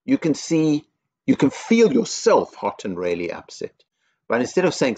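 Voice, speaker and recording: Headteacher teaching young children. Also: male voice, mid-range voice, huge pitch swings, a little mellow, husky, no room sound. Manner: slow, simple explanations with repetition. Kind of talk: school assembly talk to young children.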